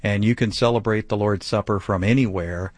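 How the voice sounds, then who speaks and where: A man with a lowish voice, a pastor taking a call on a teaching show. He preaches in an animated, emphatic way, pushing hard on his points. The sound is dry and close, with no room echo. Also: fairly quick. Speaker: pastor answering callers.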